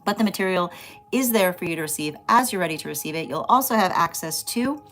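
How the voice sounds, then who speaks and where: A woman's voice: lowish voice, expressive, quick pace, a bit bright. A woman hosting a livestream tarot reading, talking emphatically, repeating phrases and adding "right?" often. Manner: emphatic, repeats phrases, many tag questions. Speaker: tarot reader, livestream host. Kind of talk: casual livestream talk.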